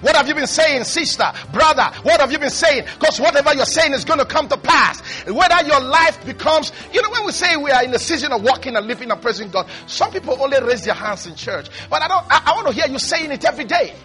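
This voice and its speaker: A man preaching with a high, bright voice. He swings from hushed, low asides to excited, high shouts. Faint music plays underneath. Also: quick pace, few pauses. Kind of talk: sermon.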